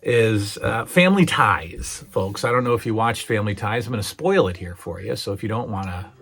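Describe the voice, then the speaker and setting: A man's voice: lowish voice, expressive, a little fast, gravelly, a bit bright. A middle-aged man hosting his own channel, rambling earnestly in a nostalgic, casual chat. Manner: rambling, earnest, many fillers. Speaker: channel host.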